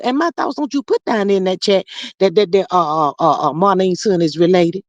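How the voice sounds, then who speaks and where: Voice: medium pitch, moderate pace, no room sound, muffled recording. Sassy livestream host with a dry sound. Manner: sassy, animated, often says "child". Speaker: livestream host reading chat. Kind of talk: casual gossip livestream.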